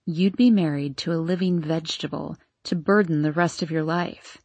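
A woman reading an audiobook, voicing a cold, scheming nurse with a deep, sultry voice and a measured, demanding delivery. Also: steady tone, darkish tone, no echo. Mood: coldly menacing. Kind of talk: audiobook character voice.

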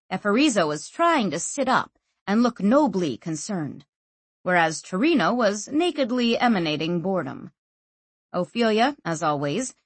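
A woman narrating a fantasy audiobook in an expressive storytelling manner. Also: mid-range voice, dry recording. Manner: expressive, lively storytelling reading.

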